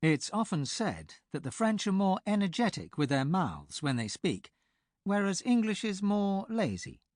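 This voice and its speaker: A man reading a scripted language lesson for an audiobook, speaking clearly and explaining step by step. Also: sits high, sing-song, measured pace, darkish tone, no echo, studio quality. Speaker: language tutor.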